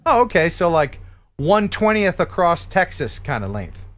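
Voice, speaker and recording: Animated American man hosting a livestream. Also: high voice, moderate pace. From United States. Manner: jokey, laughs often, animated. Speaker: host. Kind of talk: casual livestream chat.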